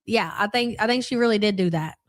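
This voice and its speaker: A woman's voice: mid-range voice, fast talker, no room sound, clean studio sound. Blunt, mocking woman streamer. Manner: blunt, mocking, swears freely. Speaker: commentary streamer. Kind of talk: casual live-stream commentary.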